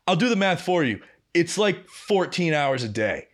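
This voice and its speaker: Animated young man telling a story. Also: moderate pace. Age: young adult. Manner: animated, swearing, acting out quoted lines with big pitch jumps. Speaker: podcast co-host. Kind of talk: casual storytelling chat.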